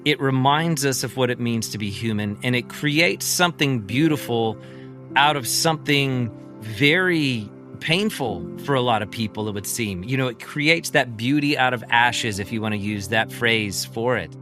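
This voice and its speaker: A man's voice: mid-range voice, moderate pace, sharp tone, soft background music. A man hosting a podcast, reflecting thoughtfully and affirming his guest. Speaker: podcast host. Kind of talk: reflective conversation.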